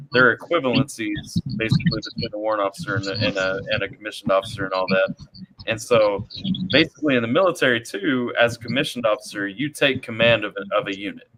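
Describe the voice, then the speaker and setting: A man with a bright, forceful voice spins a loose army anecdote in a casual chat. He circles back and repeats words as he talks, in an easygoing storytelling manner. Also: medium pitch, slight background noise, poor audio. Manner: rambling, repeats words while telling a story. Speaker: army veteran guest telling stories.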